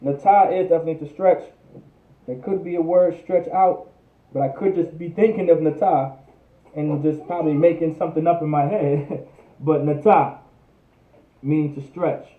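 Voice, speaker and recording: Here the same kind of language class plays out online, each word repeated many times as he reasons aloud. He talks at normal speed with a fairly high pitch and fairly even intonation, and the recording sounds echoey, distant, and phone-tinny.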